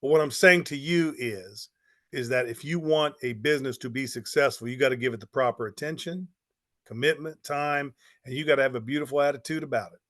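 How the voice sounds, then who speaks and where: A man, a pastor, giving a motivational talk with energetic storytelling and repeated phrases for emphasis. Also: medium pitch, fairly quick. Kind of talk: motivational talk to network marketers.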